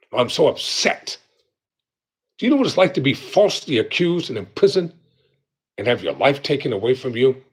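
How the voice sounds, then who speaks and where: A man's voice: medium pitch, breathy edge. A man hosting a live commentary show, talking angrily and with heavy emphasis, repeating his points for force.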